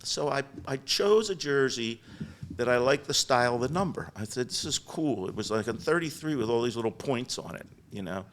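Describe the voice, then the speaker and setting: An older man, the guest on a podcast, telling lively stories about his business with lots of restarts. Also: mid-range voice, brisk, a little hiss or hum. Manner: chatty, animated storyteller with frequent restarts. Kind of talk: storytelling interview. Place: podcast studio.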